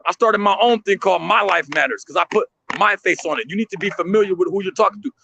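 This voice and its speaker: A street artist and vendor, guesting on a livestream from his stand, talks emotionally and emphatically in slangy street speech. His voice sits high, fast, creaky, bright and forceful, on a low-quality recording with slight background noise.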